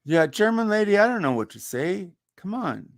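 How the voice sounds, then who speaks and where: A man's voice: high-pitched, sing-song, moderate pace, no echo, clean studio sound. A man hosting a casual live panel, easygoing and mildly stirring the guests. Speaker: host.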